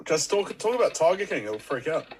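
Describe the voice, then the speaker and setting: A man's voice: fairly high pitch, big pitch swings, fairly quick, darkish tone, slight background noise. A man making laid-back, dry remarks from across the room on a casual live stream. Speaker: friend in the room. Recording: off-mic with guitar music behind.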